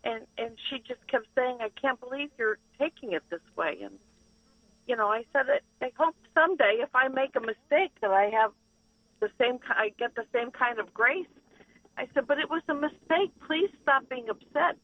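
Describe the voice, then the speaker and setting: A woman's voice: a little high, expressive, normal speed, no echo. A woman calling in to a radio show, earnestly retelling a story from work. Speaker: caller. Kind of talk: phone call-in storytelling. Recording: muffled phone line.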